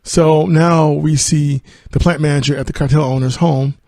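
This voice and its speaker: A man's voice: on the high side, steady tone, moderate pace, creaky, mellow, dry recording, studio quality. A man hosting a podcast, casually retelling and reviewing a film in a rambling way. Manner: rambling, with fillers and laughs. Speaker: podcast host.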